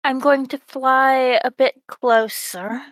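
A woman player speaking in a cautious, drawn-out way. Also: high voice, steady tone, no echo.

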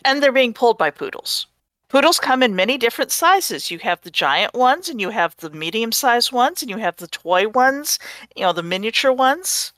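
A woman's voice: fairly high pitch, sing-song, normal speed, a bit bright, no room sound. A woman player chatting casually during a tabletop game, chiming in with jokes.

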